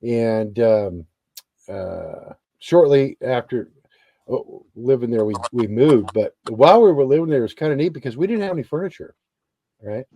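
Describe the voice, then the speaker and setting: A middle-aged man and Army veteran telling a story in a casual interview, animated and swearing freely. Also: medium pitch, moderate pace, dry recording, dull audio.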